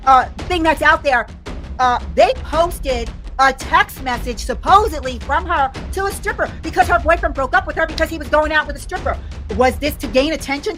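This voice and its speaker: Woman, very high voice, bright and sharp, angry heated commentary, indignant.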